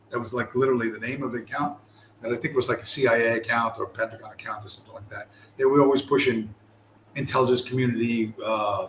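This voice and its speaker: A man's voice: mid-range voice, a bit bright, echoey room, slight background noise, poor audio. A man delivering a profane, contemptuous ranting monologue, aggressive and heavy with swearing. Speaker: commentator.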